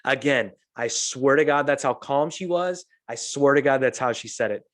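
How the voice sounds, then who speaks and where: A man's voice: medium pitch, normal speed. A middle-aged man hosting a podcast, telling stories in casual chat, swearing freely and acting out quotes. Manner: animated storyteller, swears freely, acts out quotes. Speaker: podcast host.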